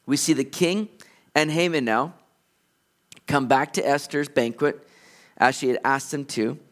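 A male pastor preaching, lively and conversational as he retells the passage. His voice sits notably high for a man. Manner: animated storytelling, conversational. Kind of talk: expository sermon.

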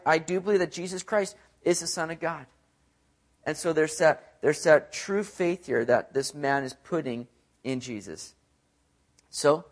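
A male pastor giving an expository sermon, earnest and emphatic, often repeating phrases to drive a point home. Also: fairly high pitch.

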